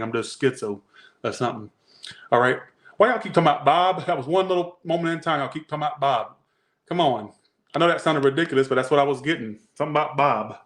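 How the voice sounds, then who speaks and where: A man's voice: mid-range voice, fairly bright tone. A man doing a casual tarot reading, chatty and rambling, slangy and often breaking off mid-thought. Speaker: tarot reader.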